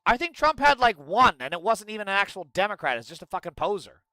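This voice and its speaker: A profane male streamer rants about politics and berates his viewers. His voice sits high and cuts through bright and sharp. The sound is dry and close, with no room around it. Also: big pitch swings, fast talker, no room sound. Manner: profane, ranting, mocking chat. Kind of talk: angry political commentary stream.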